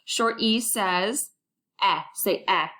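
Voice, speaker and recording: Slow, clear-speaking woman teacher. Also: mid-range voice, expressive. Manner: slow, clear modeling of sounds with encouraging prompts. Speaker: first grade teacher. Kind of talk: recorded phonics lesson for children.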